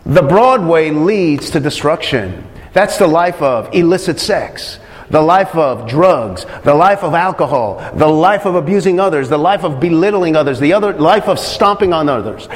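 A man's voice: on the high side, animated, moderate pace, in a large hall. A man preaching a sermon, emphatic, repeating phrases and putting questions to his listeners.

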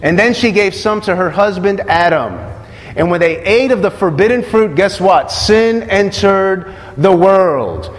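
A man with a high voice preaches a sermon. He puts questions to the congregation and repeats his key phrases. His voice rings out in a hall with a long echo. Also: unhurried.

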